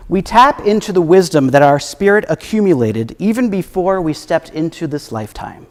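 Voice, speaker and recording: A man preaching a sermon as minister, reflective and gently humorous, his voice at times dropping soft. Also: high voice. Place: church sanctuary. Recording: echoey hall with long reverb.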